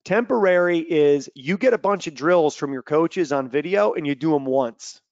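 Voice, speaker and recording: A man running a webinar for young athletes, full of energy, who tells stories and bursts into loud acted-out quotes. His voice sits a bit high. The audio is dry and a little dull, as on a video call. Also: normal speed, no echo. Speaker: mental performance coach.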